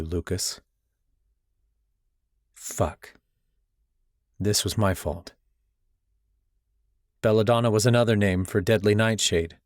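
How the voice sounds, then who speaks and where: A man's voice: on the low side, darkish tone, no room sound. Man narrating an audiobook in a dry booth. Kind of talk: scripted first-person narration.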